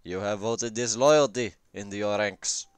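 A man's voice: on the low side, a little slow, smooth, dry recording. A young man giving casual, rambling game review commentary, swearing often and offhand. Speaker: gaming commentator.

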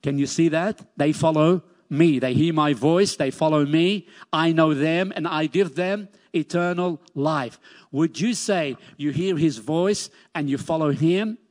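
A man's voice: a little high, unhurried, darkish tone. A man preaching a sermon as pastor, emphatic, repeating key phrases and lifting his voice on scripture. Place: church sanctuary. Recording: long church reverb.

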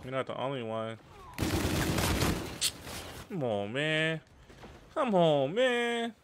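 A young man giving live, slangy, excitable commentary over his own shooter gameplay. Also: fairly high pitch, takes it slowly, background noise. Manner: excitable, slangy, trash-talking. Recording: game gunfire behind the voice.

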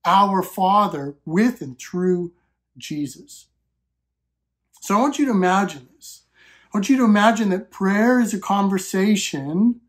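A woman pastor with an American accent preaching an earnest sermon that builds to fervent, emphatic passages. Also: lowish voice.

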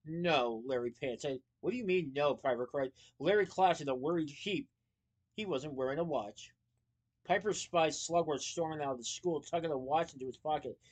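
A man reading a children's novel aloud, lively, with small slips and playful asides. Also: fairly high pitch, normal speed. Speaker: storyteller.

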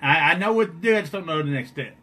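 Playful bright-voiced man. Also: a little high, lively intonation, racing. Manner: playful, teasing, boastful. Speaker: guest makeup artist on a live stream. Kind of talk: joking live-stream banter.

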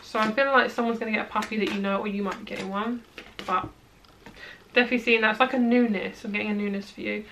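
A woman's voice: medium pitch, steady tone, fast, vocal fry, a bit bright, slight background noise. A young woman giving a casual tarot reading to her viewers, chatty and reassuring, with plenty of "like" and "um" fillers. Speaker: tarot reader.

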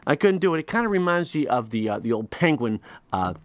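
A man hosting his own comedy show, delivering a rambling, animated monologue full of restarts and quick mock voices. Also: medium pitch, dry recording. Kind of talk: comic monologue.

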